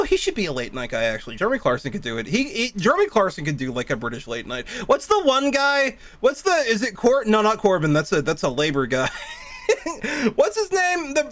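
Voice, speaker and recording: A man's voice: sits high, fairly bright tone. A man chatting casually on a live stream while gaming, rambling from thought to thought, laughing often and swearing freely.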